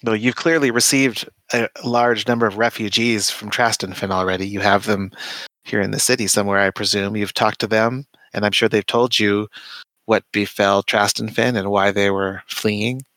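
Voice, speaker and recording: A man with a lowish voice plays his character at the table, asking formal, probing questions. His sound is dry and close. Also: steady tone, moderate pace, a bit bright, dry recording, rough recording. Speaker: player. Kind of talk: in-character role-play.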